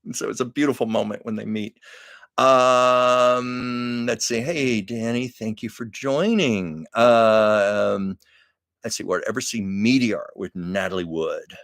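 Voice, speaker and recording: A man's voice: fairly low pitch, takes it slowly, gravelly, fairly bright tone, no room sound, studio quality. An older man hosting a live stream, chatting with viewers and telling stories in a casual, laughing way. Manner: chatty storytelling, laughs often. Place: Los Angeles.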